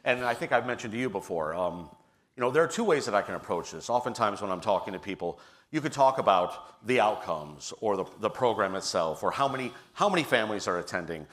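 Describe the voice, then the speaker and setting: A man's voice: lowish voice, lively intonation, quick pace, a bit bright. A middle-aged man on a panel, telling an earnest personal story with some restarts. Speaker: panelist, theater leader. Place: stage at a public forum.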